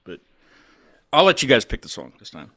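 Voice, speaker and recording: A man's voice: medium pitch, wildly swooping pitch, moderate pace, vocal fry, a bit bright, no echo, clean studio sound. A man from West Virginia hosting a live show, chatting casually and laughing often. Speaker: show host.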